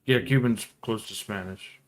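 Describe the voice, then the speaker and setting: A man's voice: fairly low pitch, normal speed, a crowd in the background. A man chatting as a guest on a livestream over a video call, precise and explanatory. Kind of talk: casual chat.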